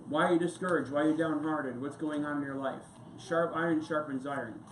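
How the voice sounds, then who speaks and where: A man's voice: a little high, fairly even intonation, fairly quick, a little hiss or hum. A male pastor giving a casual, rambling sermon full of anecdotes and asides. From United States. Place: church sanctuary. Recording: echoey church room with faint ambience.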